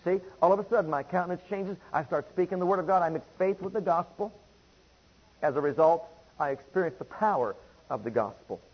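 A man's voice: high voice, expressive, brisk, slightly rough, highs cut off. A man preaching a sermon, driving home points by repeating phrases and reading scripture aloud.

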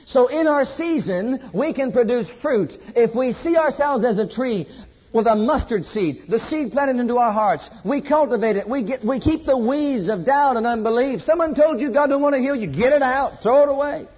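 A man preaching a sermon at a church service. He repeats his exhortations emphatically and drops to a hush. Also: very high voice, expressive, normal speed, lo-fi sound.

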